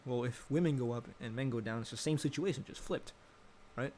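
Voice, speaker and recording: A man's voice: medium pitch, fast talker, mellow, slight background noise. A young adult man giving casual, rambling commentary, thinking aloud and correcting himself as he goes. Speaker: vlogger.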